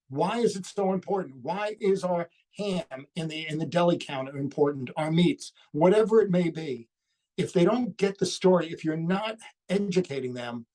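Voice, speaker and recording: A man's voice: a little high, a little mellow, poor audio. A man co-hosting a casual chat, making his points through a string of rhetorical questions. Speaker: co-host.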